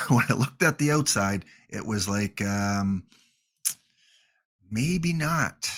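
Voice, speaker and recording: A man's voice: fairly low pitch, measured pace, a bit bright. A man with a Canadian accent hosting a gaming livestream, chatting casually with jokey, rambling asides.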